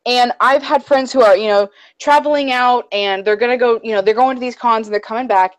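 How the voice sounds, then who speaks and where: A high-voiced woman chats casually as a co-host of a fan show. She rambles and gushes with excitable fangirl energy. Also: brisk, poor audio. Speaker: podcast co-host. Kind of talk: casual chat.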